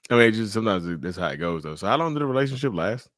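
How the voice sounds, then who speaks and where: A man's voice: on the low side, big pitch swings, racing, fairly bright tone, no echo, clean studio sound. A man hosting a casual podcast chat, reacting bluntly and cursing freely. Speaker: podcast host.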